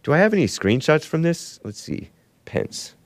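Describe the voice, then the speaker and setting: A man's voice: fairly high pitch, very animated, normal speed, dry recording. A man hosting a solo commentary stream, a little under the weather, talking in a rambling, sarcastic way with frequent asides. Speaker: talk show host.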